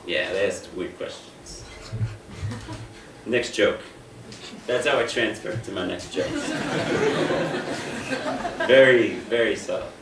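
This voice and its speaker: A man's voice: lowish voice, takes it slowly, long pauses. A young American man performing stand-up comedy, self-deprecating and often restarting his sentences. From United States. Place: stage in a room. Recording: echoey room, distant mic, faint noise.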